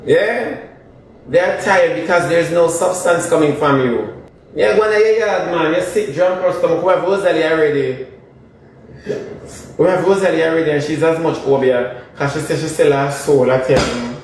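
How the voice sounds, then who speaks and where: A man's voice: a little high, normal speed. A man with a Jamaican accent giving comic commentary on social media gossip, emphatic and ranting, hammering dismissive refrains. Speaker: online commentator. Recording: very echoey room, far from mic, faint noise.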